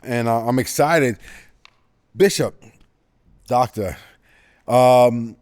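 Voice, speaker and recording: A middle-aged man hosting a casual interview, talking in halting bursts full of fillers and restarts and laughing often. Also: mid-range voice, a little mellow, no echo, studio quality. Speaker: podcast host.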